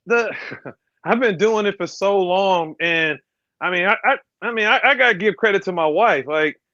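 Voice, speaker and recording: Man, high voice, animated storyteller, laughs a lot, muffled recording. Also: moderate pace, dry recording. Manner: animated, laughs often, acts out voices in his stories. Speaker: podcast guest, tournament bass angler. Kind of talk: casual storytelling chat.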